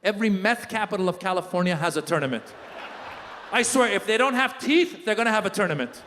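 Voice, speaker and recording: A middle-aged man telling stories at a live stand-up show, his voice pitched high and full of lively swings. He bursts into shouted character voices. A long reverb fills the big hall, with a faint murmur of crowd behind. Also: fast talker, a little hiss or hum. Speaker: stand-up comedian. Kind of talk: stand-up comedy set. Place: large live venue.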